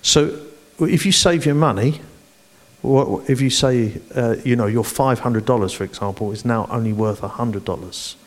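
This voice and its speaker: A man's voice: medium pitch, normal speed. A man, a church leadership director, speaking animatedly and playfully in an onstage interview in front of a congregation.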